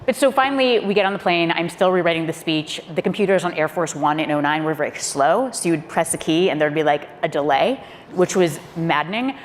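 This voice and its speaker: Animated woman telling a story in a hall. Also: sits low, brisk. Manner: animated storyteller, acting out quotes, laughing often. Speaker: former presidential speechwriter on a panel. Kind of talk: lively anecdote told to a live audience. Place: auditorium panel event. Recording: long hall reverb, faint room noise.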